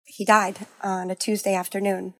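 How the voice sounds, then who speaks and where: A woman sharing a personal story in a candid, halting way, full of "like" and restarts, her voice sinking low at the sad parts. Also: level tone, dry recording, clean studio sound. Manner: halting, full of "like" and restarts, softening to near-whispers at sad moments.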